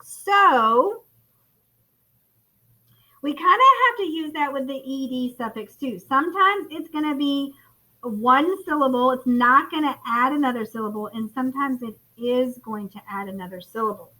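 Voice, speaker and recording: A woman's voice: high voice, expressive, normal speed, pushed and bright, low-quality recording. A woman from the United States, teaching a first grade phonics lesson in an encouraging way, calling the children friends. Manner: encouraging, calls listeners friends. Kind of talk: recorded classroom lesson.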